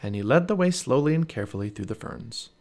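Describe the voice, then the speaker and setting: A man narrating a children's storybook aloud as a parent, with an expressive read-aloud delivery. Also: medium pitch, fast.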